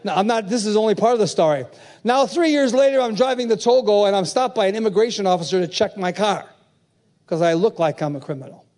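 High-voiced preacher shouting refrains. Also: male voice, fast. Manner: preaching with sudden shouted refrains and call-and-response questions. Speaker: pastor. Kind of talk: sermon. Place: church convention hall.

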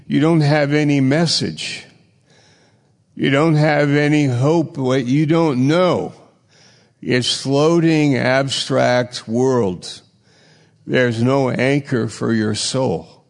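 Gravelly man preaching in an echoing hall. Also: mid-range voice. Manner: emphatic, repeats phrases, rising and dropping loudness. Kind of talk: sermon. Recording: long reverb in a large hall.

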